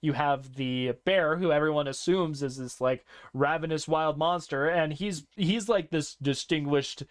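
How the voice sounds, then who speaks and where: A male podcast host retells a story in relaxed, casual chat, breaking into character voices as he goes. His voice sits fairly high and sounds smooth and clear. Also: a little slow, hardly any pauses. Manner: animated storyteller who acts out characters.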